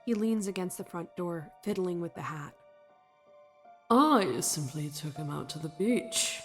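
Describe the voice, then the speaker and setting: A woman voicing a smug, nonchalant male trickster who drawls slowly and mocks. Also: on the low side, animated, big-room sound, soft background music. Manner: slow, drawling and mocking.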